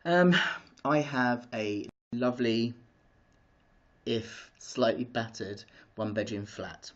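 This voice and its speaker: A man hosting a live stream, chatting excitedly with viewers and drifting off topic. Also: medium pitch, takes it slowly. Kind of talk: casual live-stream chat. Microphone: streaming device mic. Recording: dull lo-fi live-stream audio.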